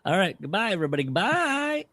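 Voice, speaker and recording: A man's voice: moderate pace, vocal fry, faint music behind. A man co-hosting a podcast in casual comedic chat, joking around and trying impressions. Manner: jokey, tries impressions, lively pitch swings. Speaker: podcast co-host.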